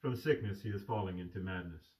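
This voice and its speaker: A man's voice: deep voice, a little fast, a little mellow, voice pushed down, lightly acted. A man reading aloud and voicing an old doctor who speaks in a matter-of-fact, blunt way. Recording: distant mic.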